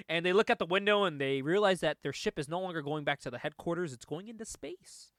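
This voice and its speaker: Male: higher-pitched casual podcast host. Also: lively intonation, fairly quick, a bit bright, no room sound, clean studio sound. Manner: laughs often, swears casually, rambling recap. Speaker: comic book podcast host. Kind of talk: casual comic review chat.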